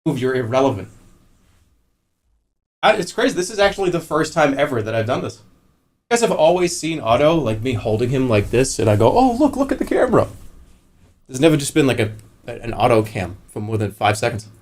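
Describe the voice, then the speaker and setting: A man streaming live in casual chat, excitable and prone to loud, incredulous outbursts. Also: medium pitch, a little fast.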